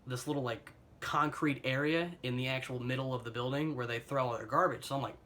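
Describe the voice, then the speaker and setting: A man's voice: medium pitch, fairly even intonation, a little fast, a bit bright, a little hiss or hum. A young American man telling an embarrassing personal story in a casual, rambling way, self-mocking and filled with fillers and chuckles, recorded on a phone camera. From United States.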